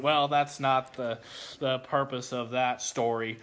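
A man preaching a sermon, telling a childhood story with animated delivery before explaining a Bible passage. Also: medium pitch, slow pace. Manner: animated storytelling, acts out voices.

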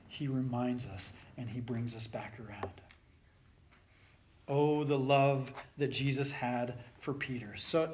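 A man preaching a sermon, swinging between loud urging and soft near-whispered passages. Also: mid-range voice, slight background noise.

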